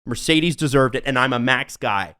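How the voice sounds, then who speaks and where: A man's voice: mid-range voice, normal speed, bright, forceful tone, clear, resonant tone. A young man co-hosting a casual sports podcast, talking emphatically with rambling asides and some swearing. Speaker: podcast co-host.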